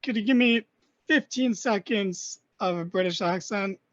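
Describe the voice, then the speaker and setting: A man's voice: high-pitched, unhurried, no echo. Easygoing man on a dull, dry mic. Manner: agreeable, runs the talk, hands the mic to others. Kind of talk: casual chat.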